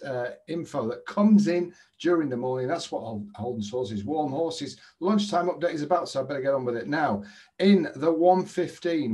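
A man hosting a daily horse racing tips update from an indoor trading room, brisk and salesy, chatty between tips. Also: fairly high pitch, a little mellow.

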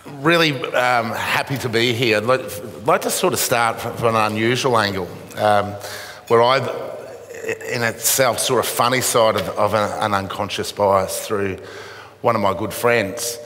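Man, middle-aged, lowish voice, halting anecdotal keynote, long echoey hall reverb. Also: fairly bright tone. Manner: halting storytelling with dry self-mocking humor. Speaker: charity CEO, event speaker. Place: event venue with an audience.

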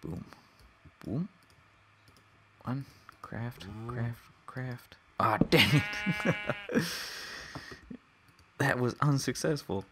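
A man's voice: mid-range voice, expressive, very slow, pauses often, pushed and bright, a little hiss or hum. A man giving casual let's play commentary, chatting to the animals in his game with mock-angry outbursts. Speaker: gamer.

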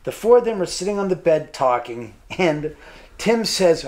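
A man showing guests around his house indoors and telling lively stories, acting out the voices of others. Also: fairly high pitch, moderate pace. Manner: lively, acts out quoted voices. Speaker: homeowner giving a house tour. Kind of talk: animated storytelling.

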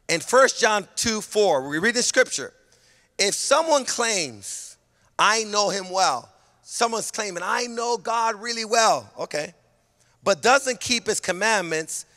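A man from California, a pastor preaching a sermon with emphatic delivery that often rises to a shout. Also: sits high, long reverb tail. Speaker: senior pastor.

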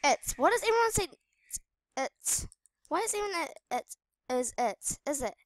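A woman giving live gameplay commentary on her gaming channel, excitable, squealing and shrieking at danger, with chatty asides to viewers. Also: very high-pitched, normal speed, soft background music.

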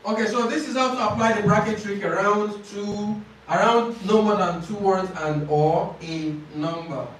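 A man with a fairly high voice teaches a class, explaining slowly, repeating key phrases and quizzing his students. He is recorded from a distance in a very echoey classroom. Faint background noise sits under his voice. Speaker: IELTS tutor.

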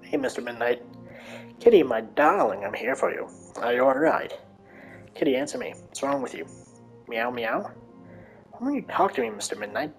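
A woman's voice: extremely low pitch, huge pitch swings, normal speed, vocal fry, long pauses, faint music behind, heavily acted. A woman voicing a frightened young girl who speaks in an anxious, pleading manner.

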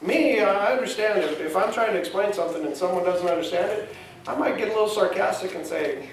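A man with a notably high voice preaches in a casual, conversational way, putting questions to the people in front of him. His voice rings through a very echoey church sanctuary, picked up from some distance, with a faint hiss underneath. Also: lively intonation, fairly quick. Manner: conversational, asks the congregation questions. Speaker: pastor. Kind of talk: sermon.

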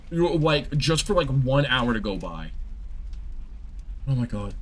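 A young man giving rambling, exasperated live commentary while he streams a game and talks to his chat. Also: a little high.

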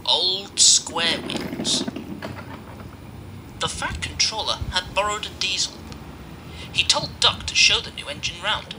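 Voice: medium pitch, normal speed, noisy background. A narrator reading a children's train story aloud and doing every character's voice. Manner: reads every part himself, lively changes of voice.

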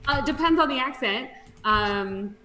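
A woman's voice: a little high, animated, normal speed, bright, forceful tone. Woman, panel guest, casual chat, playful, laughing, roomy echo. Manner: playful, laughs between phrases. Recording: echoey room with long reverb.

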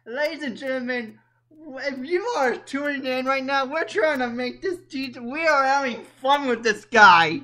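A high-pitched woman hosts an amateur internet radio show. She talks casually and teases a rival, often stumbling and restarting her words. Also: moderate pace, bright, forceful tone.

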